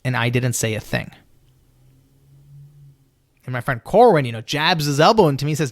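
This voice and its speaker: A young man telling a personal story in a lively, animated way, acting out his younger self and often saying "you know". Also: normal speed, dry recording, studio quality. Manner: lively, acts out his own younger self in a high excited voice; peppers speech with "you know". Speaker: storyteller guest.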